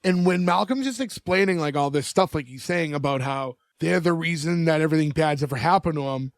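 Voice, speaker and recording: Young male co-host, slightly high voice, dry close sound, casual recap. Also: brisk, no room sound. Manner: recaps scenes, many "like" fillers, acts out quotes. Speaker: podcast co-host. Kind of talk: casual chat.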